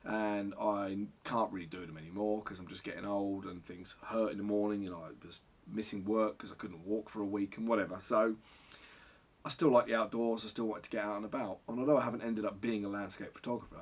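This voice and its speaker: A man's voice: fairly low pitch, fairly even intonation, brisk, darkish tone, breathy edge. A middle-aged man answering viewer questions in a casual, rambling vlog, sweary and self-deprecating. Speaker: photographer and vlogger.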